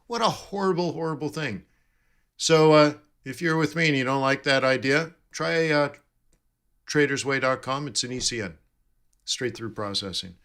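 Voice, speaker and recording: A man's voice: mid-range voice, normal speed, a bit bright. A man hosting a live trading stream, chatting casually and jokily with viewers while reading their comments. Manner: chatty, jokey, reads out chat and answers viewers.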